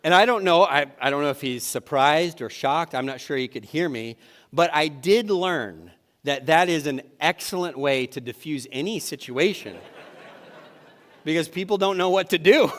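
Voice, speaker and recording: A man preaching to his congregation with a slightly high voice and a relaxed, self-deprecating storytelling manner. The sound carries a long church-hall reverb. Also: normal speed. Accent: Upper Midwest American. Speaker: pastor. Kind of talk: sermon. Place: church sanctuary.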